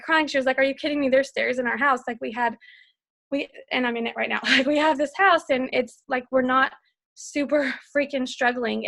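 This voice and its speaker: A woman's voice: high voice, creaky, fairly bright tone. A woman in her thirties, a team coach, sharing her story in a bubbly, gushing way on a group call, laughing often. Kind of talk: casual testimonial on a group call.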